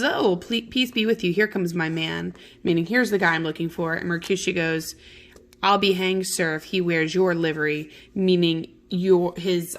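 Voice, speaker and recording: A woman teacher whose voice is lowish and fairly bright reads a play to her class. In this relaxed read-along lesson she translates the lines into everyday modern language, chatty and heavy on fillers and "okays."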